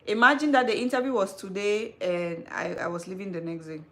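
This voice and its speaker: A woman in her thirties hosting a live stream, telling a personal story in an animated, chatty way. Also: medium pitch, brisk. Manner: animated storytelling, calls listener "girl". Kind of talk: casual live-stream chat.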